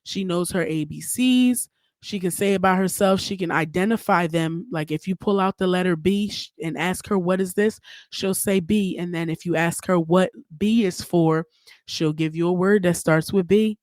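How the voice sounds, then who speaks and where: A woman's voice: lowish voice, normal speed, darkish tone, dry recording. A young woman hosting her own podcast, talking alone in a candid, emphatic way and swearing freely. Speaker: podcast host. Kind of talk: solo podcast monologue.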